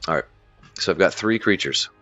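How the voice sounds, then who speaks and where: A man's voice: low voice, lively intonation, brisk, sharp tone, muffled recording, faint music behind. A man chatting casually on a live stream as he plays a card game, loose and profane, thinking aloud.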